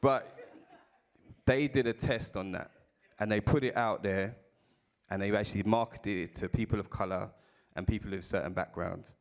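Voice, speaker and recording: A man's voice: on the low side, steady tone, normal speed. A man from South London with a South London accent, telling candid stories with casual swearing as a speaker on a live panel.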